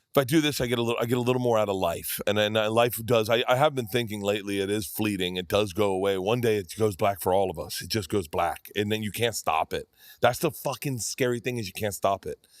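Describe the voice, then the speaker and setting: A man in his fifties with a lowish voice, appearing as a podcast guest, rambles through stories in casual chat and animatedly acts out quotes along the way. The recording is studio quality with no room sound.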